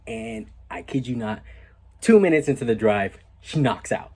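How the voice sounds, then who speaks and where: Man, husky voice, young adult, casual animated storytelling, hushed asides. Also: mid-range voice, a little slow. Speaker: vlogger.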